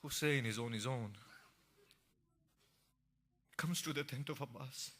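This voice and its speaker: A man narrating an emotional religious story in a sermon, moving from hushed tones to impassioned cries. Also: medium pitch, a little slow. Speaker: preacher.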